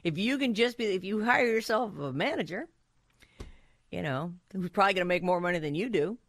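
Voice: mid-range voice, lively intonation, fairly quick, fairly bright tone, no echo. A radio co-host chatting casually, making playful, quirky asides.

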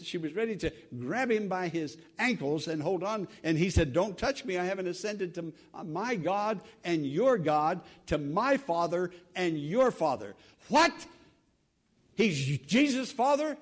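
A man preaching a sermon as pastor, speaking earnestly, repeating words and dropping to a hush for prayerful phrases. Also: on the high side. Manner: drops to a hushed voice for prayerful words. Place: church sanctuary.

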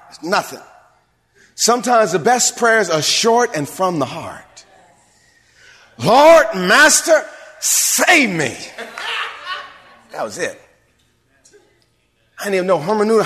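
Preaching man in a reverberant church. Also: high-pitched. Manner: preacherly call-and-response, swinging between hushed and shouted. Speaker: pastor. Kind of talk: sermon. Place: church sanctuary. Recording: long hall reverb.

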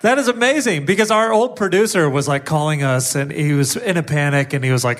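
A man's voice: on the high side, a little fast, few pauses. A man co-hosting a live podcast, brash, joking and swearing. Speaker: podcast co-host. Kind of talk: casual live podcast chat. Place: live stage before an audience.

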